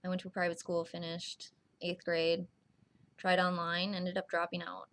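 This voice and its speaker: A young woman vlogging straight to the camera in an earnest, reassuring way, speaking slowly with small restarts. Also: fairly low pitch, completely flat delivery, a bit bright. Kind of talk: heartfelt direct-to-camera vlog.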